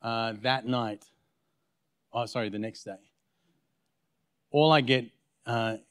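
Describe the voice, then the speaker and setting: A man's voice: mid-range voice, fairly even intonation, slow pace, a bit bright, clean tone, no room sound, studio quality. A man with an Australian accent, a guest pastor preaching a sermon in church, telling a story and acting out both sides of the conversations.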